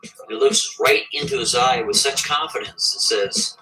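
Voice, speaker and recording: A man telling a story casually and with animation, often checking in with the listener with a quick "right?". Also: mid-range voice, pushed and bright, faint music behind, low-quality recording.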